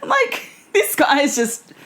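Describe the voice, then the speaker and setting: Woman, casual co-host, high-ish and very expressive, playful. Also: slow pace. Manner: animated, playful, laughs often, swears casually. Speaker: podcast co-host. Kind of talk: casual chat.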